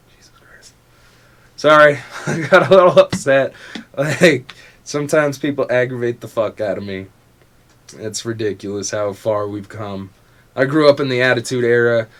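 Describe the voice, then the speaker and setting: Profane, ranting male podcast host. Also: medium pitch. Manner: profane, confrontational, mocking. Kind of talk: casual motivational rant.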